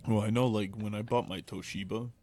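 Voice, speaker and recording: Low-voiced young man, rambling casually. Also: steady tone, brisk, dark tone, slight background noise. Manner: rambling anecdote with filler "like". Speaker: podcast co-host. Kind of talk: casual chat.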